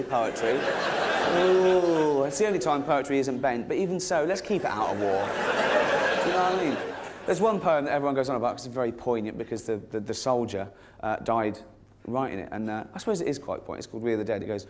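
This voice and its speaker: A middle-aged English man performing a stand-up comedy set, sardonic and sweary, jumping into shrill mock voices for the people he mocks. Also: fast talker. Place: theatre stage before a laughing audience. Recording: live stage recording with audience noise.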